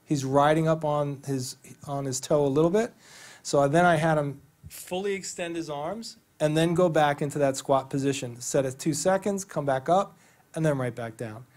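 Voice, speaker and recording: A man's voice: on the high side, normal speed, darkish tone. A man presenting a physical therapy training to an audience in a theater, conversational and enthusiastic, telling stories with quoted dialogue. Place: theater stage.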